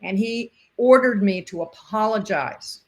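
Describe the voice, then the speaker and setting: Speaking a little slowly at medium pitch, a former sportscaster and umpire, now an older woman, shares animated stories in a relaxed interview and performs the dialogue herself. A little hiss or hum can be heard.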